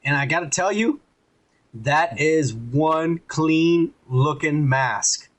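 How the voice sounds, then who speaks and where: A man's voice: a little high, takes it slowly. A man hosting a podcast, recapping a show in a rambling, profane, mocking way. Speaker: podcast host.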